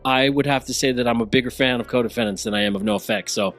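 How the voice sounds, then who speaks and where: A man's voice: mid-range voice, steady tone, racing, a bit bright, soft background music. A man co-hosting a casual podcast, rambling, often losing his train of thought and laughing at himself. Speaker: podcast co-host. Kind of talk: casual chat.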